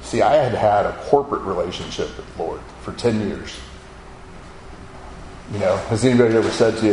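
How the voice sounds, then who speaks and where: A man's voice: lowish voice, fairly quick, long pauses, a little mellow, echoey room, slight background noise, poor audio. A man giving a spoken testimony to an audience, telling his story vividly and acting out the voices of the people in it. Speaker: speaker giving a personal testimony.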